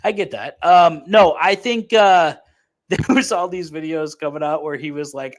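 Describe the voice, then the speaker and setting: A young man co-hosting a sports betting show, relaxed and swearing in casual chat. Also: a little high, measured pace. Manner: laid-back, swearing, laughs easily. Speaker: sports betting podcast co-host.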